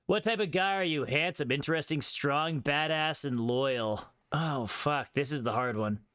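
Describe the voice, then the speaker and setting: A man's voice: fairly high pitch, measured pace, fairly bright tone, smooth, no echo, clean studio sound. A man streaming a game live, joking sarcastically as he reads quiz questions aloud and comments. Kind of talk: casual live gameplay commentary.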